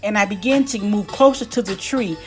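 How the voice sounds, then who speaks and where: A middle-aged woman giving a spiritual testimony as an inspirational speaker, speaking slowly and emotionally and repeating her phrases. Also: medium pitch, faint music behind.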